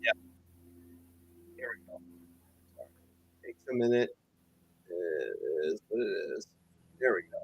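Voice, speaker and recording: A man's voice: deep voice, very animated, slow, creaky, long pauses, breathy edge, highs cut off. Laid-back joking man. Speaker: podcast co-host. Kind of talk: casual sports chat.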